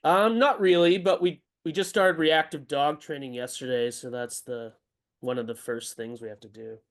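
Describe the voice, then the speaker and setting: A man's voice: a little high, steady tone, moderate pace. A man co-hosting a podcast from his living room, flustered and apologetic, laughing often. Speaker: podcast co-host. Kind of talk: casual chat.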